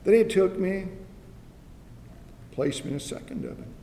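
A man's voice: sits high, lively intonation, moderate pace, vocal fry, mellow, pitched above the performer's own voice. A man voicing a pleading talking teacup. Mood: desperate. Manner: plaintive storytelling, rising urgency. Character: suffering clay teacup, pleading and fearful. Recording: echoey hall with faint noise.

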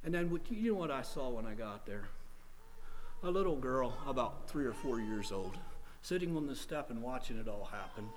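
A man preaching a sermon in a church, telling stories dramatically and swinging from hushed tones to loud outbursts. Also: medium pitch, lively intonation, normal speed, low-quality recording.

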